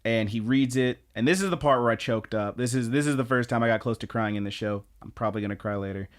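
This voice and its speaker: A man chatting on a podcast as he recaps episodes of a show. He tells the story in a lively, loose way, acting out bits and swearing casually. His voice sits at an ordinary middle pitch. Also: fast. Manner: animated storyteller, acts out lines, swears casually. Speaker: podcast co-host.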